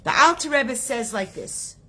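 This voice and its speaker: Husky, bright-voiced woman teacher. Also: on the high side, very animated, measured pace. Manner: earnest, emotional storytelling. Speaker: Torah class teacher. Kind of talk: storytelling lesson.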